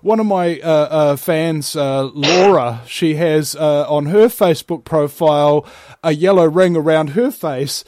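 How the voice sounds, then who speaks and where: A man hosting a talk show, ranting in an animated way and swearing often. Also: a little high, a little slow, no room sound, clean studio sound.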